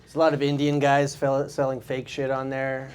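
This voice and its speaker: A man's voice: mid-range voice, monotone, normal speed, a little mellow, smooth. A man, performing a casual stand-up set in a comedy club and laughing at his own jokes. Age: 20s. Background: audience laughter.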